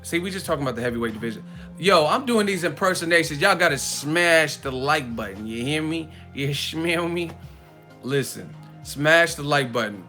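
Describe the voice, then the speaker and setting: A man hosting a live boxing chat, animated and profane, often breaking into laughter. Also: on the high side, brisk, faint music behind. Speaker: boxing channel host. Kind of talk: live casual commentary.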